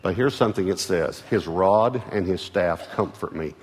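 A man with a Texan accent preaching a sermon as pastor, earnest, repeating words, moving from loud calls to hushed lines. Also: sits low, normal speed. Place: large church auditorium. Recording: large hall reverb with soft music.

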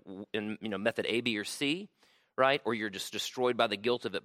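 A man's voice: mid-range voice, fairly bright tone, dry recording. A man preaching a sermon to a room, conversational and checking in with "right?" often. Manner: conversational, frequent "right?" tags. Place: room with audience.

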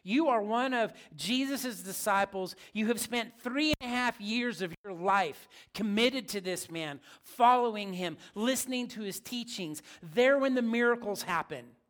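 A man's voice: sits high, expressive, measured pace, few pauses, fairly bright tone. A man preaching a sermon as pastor, in a casual, joking, conversational way.

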